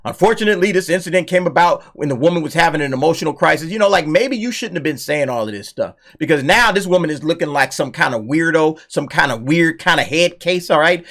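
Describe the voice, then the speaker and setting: A man in casual reaction mode, talking bluntly about a news story in a fairly high voice. He mocks freely, chuckles often and keeps checking in with the listener. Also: fairly bright tone. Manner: blunt and mocking, laughs often, repeats "okay?" and "all right?". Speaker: commentary channel host.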